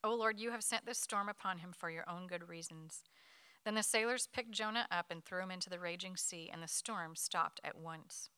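A woman leading a Bible study, reading a scripture passage aloud to her group at a quick pace. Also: lowish voice, clean tone, no room sound. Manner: quick, lively reading with light laughs.

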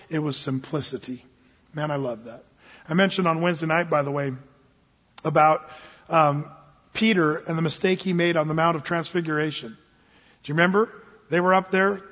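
A male pastor preaching a sermon in a lively, animated way, acting out Bible figures in quick asides. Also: a little high, husky. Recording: lo-fi sound in a hall with long reverb.

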